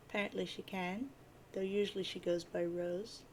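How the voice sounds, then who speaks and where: A woman's voice: mid-range voice, fairly even intonation, normal speed, slight background noise. Playful woman reading a webcomic aloud. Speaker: reader.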